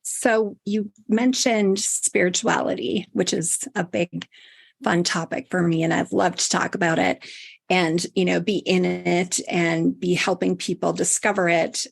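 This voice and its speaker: Gravelly-voiced woman hosting a podcast. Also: fairly low pitch, steady tone, unhurried. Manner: reflective, spiritual, uses fillers. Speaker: podcast host. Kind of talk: casual interview chat.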